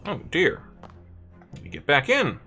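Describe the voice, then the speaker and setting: A man's voice: on the high side, huge pitch swings, a little slow, sharp tone, soft background music. A man streaming a video game, reading its text aloud and joking playfully. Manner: playful, reads narration aloud. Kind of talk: casual gameplay commentary and reading game text.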